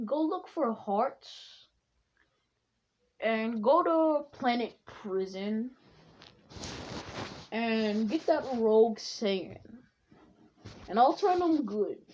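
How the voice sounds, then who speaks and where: A woman voicing an all-powerful male alien ruler, giving orders in a halting, rambling way. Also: fairly high pitch, dark tone, highs cut off, heavily acted.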